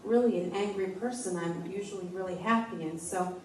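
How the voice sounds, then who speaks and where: A woman in her forties giving a personal testimony at a church meeting, speaking in a halting, heartfelt way with frequent restarts. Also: medium pitch, a little mellow, slight background noise. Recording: echoey room, voice from a distance.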